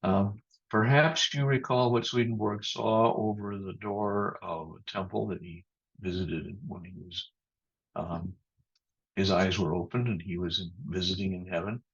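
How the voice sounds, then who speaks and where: A man giving a thoughtful sermon as pastor over a video call, speaking in a measured way with pauses and restarts. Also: sits low, steady tone, creaky, slightly rough. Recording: muffled video-call audio.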